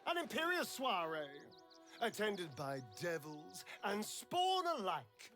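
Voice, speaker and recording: A man's voice: high voice, huge pitch swings, slow pace, pushed and bright, soft background music, heavily acted. An actor playing a vain, scheming male vampire spawn elf who speaks in a silky, dramatic way, savoring his words, in a video game. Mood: grandiose.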